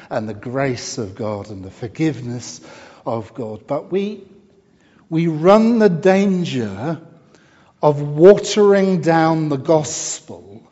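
A middle-aged man delivers a sermon at an unhurried pace, often restarting phrases and filling pauses. His voice carries through a large church with a long reverb tail. The recording sounds somewhat dull and muffled. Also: fairly high pitch. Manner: warm storytelling with frequent fillers and restarts. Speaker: preacher.

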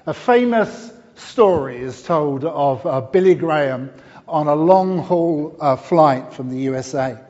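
A middle-aged man preaching a sermon in a church, telling stories and often pausing with fillers and restarts. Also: fairly high pitch, expressive. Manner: warm storytelling with frequent fillers and restarts. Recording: dull sound with long hall reverb.

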